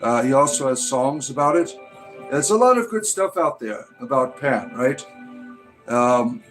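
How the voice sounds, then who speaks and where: A man's voice: mid-range voice, expressive, unhurried, a bit bright, faint music behind. A man hosting a casual livestream, rambling through answers with lots of fillers and playful sarcasm toward the chat. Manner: rambling, full of fillers and "right?". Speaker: livestream host.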